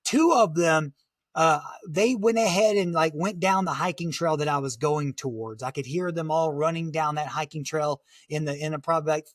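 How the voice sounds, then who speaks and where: A man talking through a dramatic survival story in conversation, halting and full of fillers. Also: a little high, no room sound, clean studio sound. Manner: vivid, halting retelling with many "like" fillers. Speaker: guest, motivational speaker.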